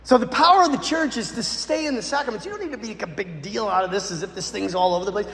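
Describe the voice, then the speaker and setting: Priest guy preaching, goes loud then real quiet, super echoey room. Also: sits high, fast. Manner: dramatic storyteller, swings between loud bursts and hushed lines. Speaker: Catholic priest. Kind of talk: sermon storytelling. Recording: echoey church with long reverb.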